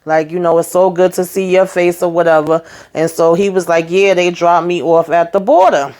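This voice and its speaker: A woman casually recapping a TV episode, retelling scenes in an animated, chatty way and calling listeners child and honey. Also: fairly low pitch, moderate pace. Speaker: TV show recapper.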